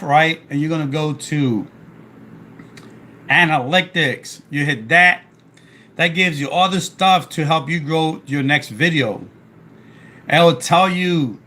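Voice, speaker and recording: A chatty South Philadelphia man with a Philly accent has a slightly high, bright and forceful voice. On his live stream he reads chat out loud, rambling and restarting sentences while battling a sore throat.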